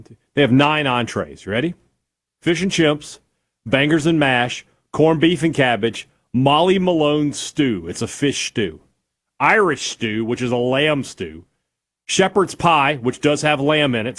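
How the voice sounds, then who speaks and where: Lively enthusiastic male radio co-host. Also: mid-range voice. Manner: enthusiastic, teasing storyteller. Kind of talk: casual sports talk chat.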